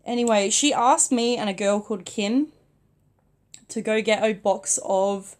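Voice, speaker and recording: A young woman who is sick, telling a casual storytime vlog from bed in a soft-spoken, chatty way with many "like" fillers. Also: medium pitch, unhurried. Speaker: vlogger. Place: in bed at home.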